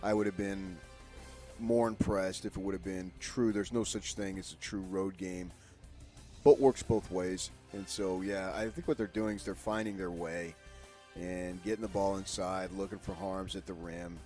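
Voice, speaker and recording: A man's voice: deep voice, steady tone, normal speed, a little mellow, soft background music. A man co-hosting a sports talk show, opinionated and rambling as he gives his takes. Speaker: sports radio co-host.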